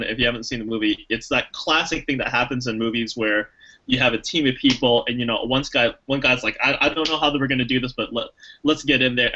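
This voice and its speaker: Chatting casually about a movie, a podcast co-host rambles, restarts, uses lots of fillers and acts out the lines he quotes. He has a mid-range voice with a sharp tone, in lo-fi sound.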